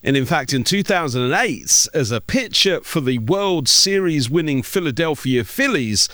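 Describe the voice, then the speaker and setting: A man hosting a radio sports program, narrating a script and interviewing a guest in a measured, polished way. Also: fairly high pitch, big pitch swings, pushed and bright, no echo, studio quality. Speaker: radio host.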